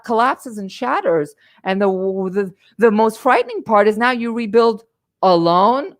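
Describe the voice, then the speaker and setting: Animated but measured in pace, a middle-aged woman leads a live-streamed motivational session as a life coach and host. She emphatically repeats words and drives her points with emotion, her average mid-range voice captured by a webcam microphone.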